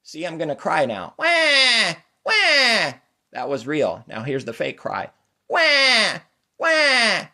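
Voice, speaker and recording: A man's voice: medium pitch, expressive, normal speed, vocal fry, hardly any pauses, pitched above the performer's own voice. A man voicing a boastful, bawling baby who calls himself God, wailing shrilly and scornfully. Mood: mocking wails.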